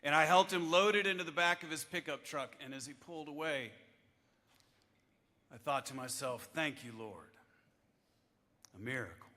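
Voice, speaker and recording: A man in his fifties, a chaplain giving a devotional address to lawmakers in a wry, measured storytelling manner, at a podium microphone in a large chamber. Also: on the high side, fairly even intonation, sharp tone. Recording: echoey hall with long reverb.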